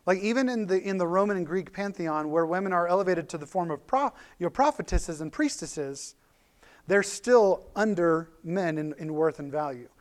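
High-voiced man preaching conversationally. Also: moderate pace. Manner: conversational, animated preaching with many restarts and fillers. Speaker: pastor. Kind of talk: sermon.

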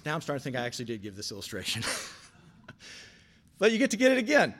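An older man preaching a sermon, telling stories with big swings from quiet asides to shouted lines. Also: medium pitch, brisk. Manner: animated storytelling, swings from soft asides to shouting. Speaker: pastor.

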